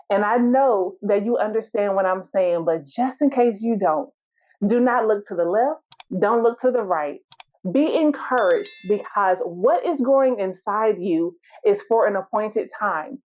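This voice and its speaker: A woman's voice: medium pitch, lively intonation, measured pace. A woman hosting her own solo podcast as a law firm owner, talking casually and encouragingly to listeners and telling stories. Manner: encouraging, storytelling, direct address. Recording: tinny phone-like sound.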